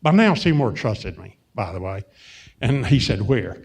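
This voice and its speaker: An older man with an Arkansas drawl spins rambling stories for a crowd. He wanders, self-corrects, and fills gaps with "uh," in an unhurried folksy way. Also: mid-range voice, sing-song, slightly rough. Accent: Southern US, Arkansas. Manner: meandering, self-interrupting, folksy anecdotes with many fillers. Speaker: guest, film and TV producer. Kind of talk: rambling storytelling before a live audience. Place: on stage at a public event.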